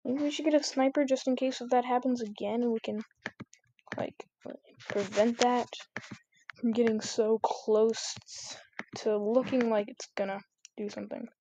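A woman giving casual, chatty commentary over her gameplay, getting excitable and repeating exclamations when things get tense. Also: on the high side, moderate pace, slight background noise.

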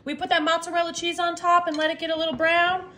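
A woman's voice: very high-pitched, flat delivery, fast, pushed and bright. A woman chatting casually to viewers as she cooks in her home kitchen, calling them y'all. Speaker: cooking vlogger. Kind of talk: casual cooking vlog.

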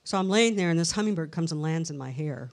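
Middle-aged lady, paranormal researcher, low-ish voice, chatty storyteller on a live show. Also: fast talker, gravelly. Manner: chatty, tells anecdotes with lively quoted dialogue. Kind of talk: casual live interview storytelling. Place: historic castle hotel event room.

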